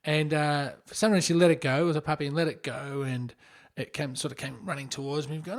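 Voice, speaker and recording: A man co-hosting a podcast, telling an animated story in casual chat and acting out the voices of the people in it. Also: a little high, quick pace, hardly any pauses. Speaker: podcast co-host.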